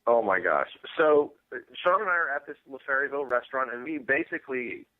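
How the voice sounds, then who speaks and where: A man's voice: medium pitch, big pitch swings, fast, dry recording. A man guesting on a podcast, telling a long rambling story in a casual chat over a phone line.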